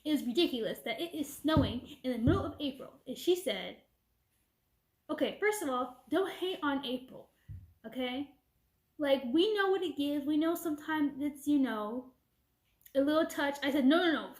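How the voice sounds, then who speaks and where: A woman's voice: high-pitched, expressive, normal speed. A young woman telling a casual storytime rant, animatedly retelling a back-and-forth conversation. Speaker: vlogger. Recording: echoey room.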